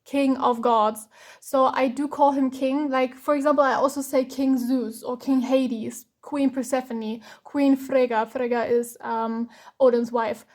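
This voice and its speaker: A woman from Germany, giving a chatty, rambling tarot reading full of fillers and restarts. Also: high-pitched. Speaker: tarot reader.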